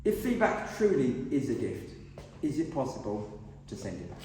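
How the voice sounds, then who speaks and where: Animated Englishman in an echoey hall. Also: mid-range voice, normal speed, recorded from a distance, very noisy. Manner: animated self-deprecating storytelling. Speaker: club speaker. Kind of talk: humorous prepared speech.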